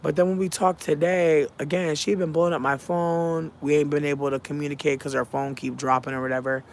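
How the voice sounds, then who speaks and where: A man's voice: on the high side, little pitch movement, a little fast, a little hiss or hum. A man in a casual livestream, animatedly telling a family story with profanity and laughs while thanking viewers. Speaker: live streamer.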